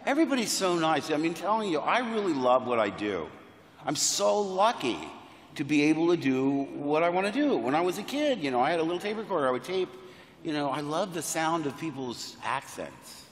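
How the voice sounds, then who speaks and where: A man's voice: medium pitch, expressive, normal speed, a little hiss or hum. A man, a panel guest telling anecdotes in a playful, enthusiastic way with self-deprecating jokes. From United States. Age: 60s. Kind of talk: animated anecdotal storytelling. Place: large convention hall. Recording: roomy hall reverb on PA.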